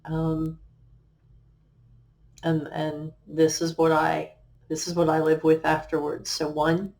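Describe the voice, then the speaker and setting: A middle-aged woman, a life coach, sharing her personal story on a talk show in an earnest, halting way, with many fillers and restarts. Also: deep voice, monotone, darkish tone. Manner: quotes remembered conversations.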